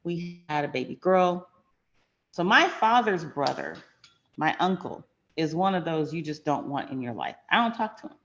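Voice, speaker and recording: A woman's voice: low-pitched, expressive, moderate pace, muffled recording, a little hiss or hum. A middle-aged woman hosting a finance channel, telling a personal story in a frank, emphatic, conversational way.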